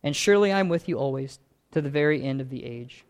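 A man's voice: mid-range voice, animated, fast. A man preaching a sermon as pastor, earnest, stacking repeated phrases that build in intensity.

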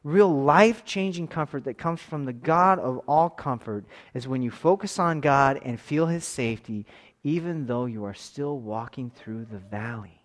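A man in his thirties preaching a sermon, moving between forceful raised passages and quiet, intimate tones. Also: mid-range voice, moderate pace. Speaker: pastor.

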